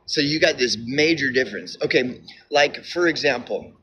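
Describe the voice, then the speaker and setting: A man's voice: medium pitch, bright, forceful tone, slight background noise. A man talking to camera in a casual monologue, insistent and repetitive, often restarting his sentences. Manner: repetitive, halting with restarts and fillers; insistent, emphatic. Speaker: video commentator.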